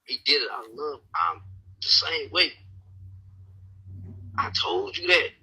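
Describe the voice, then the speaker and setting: Man, blunt lecturing argument, very bright tone, gravelly. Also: fairly high pitch, expressive, slow pace, poor audio. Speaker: husband on a live stream call.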